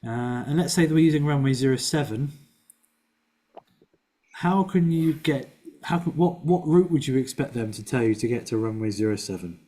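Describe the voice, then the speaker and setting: A man's voice: medium pitch, expressive, moderate pace, mellow. A man teaching a flight lesson over a video call, explaining patiently step by step with small fillers. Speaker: flight instructor. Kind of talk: casual online flying lesson.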